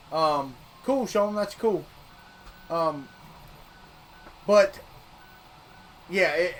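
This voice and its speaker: A high-voiced man with a Southern US accent, from Florida, talks loosely to his livestream viewers about 3D printing. He rambles and often restarts or repeats words as he works at his printer. A faint hum of room ambience sits behind him. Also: fairly bright tone. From Florida, United States. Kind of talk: casual live-stream chat.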